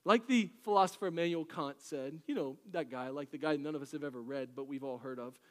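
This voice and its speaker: Man, pastor, animated sermon, slightly high pitch, long hall reverb. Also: quick pace. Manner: animated storytelling preacher, jokey asides.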